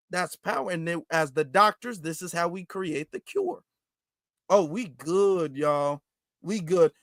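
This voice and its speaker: A man's voice: high voice, fairly bright tone, no room sound, studio quality. A man hosting a livestream, talking in a preachy, teasing way and repeating phrases for effect. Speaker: livestream host. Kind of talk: casual livestream talk.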